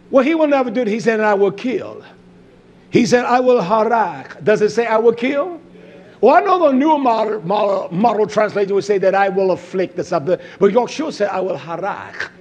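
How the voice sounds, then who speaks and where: A man preaching a sermon, shifting from loud emphatic exhortation to low intense delivery.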